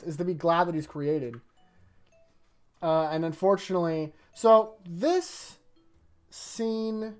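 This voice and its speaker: A YouTuber giving a casual, rambling review of a manga chapter, chatty and quick to laugh. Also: medium pitch, darkish tone.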